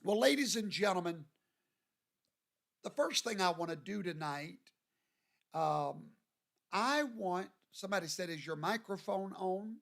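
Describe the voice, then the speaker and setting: A man from Louisiana, hosting a livestream and greeting viewers by name in a folksy, drawn-out way. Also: sits high, creaky, a bit bright. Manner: folksy, drawn-out, reads viewer names aloud. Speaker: show host.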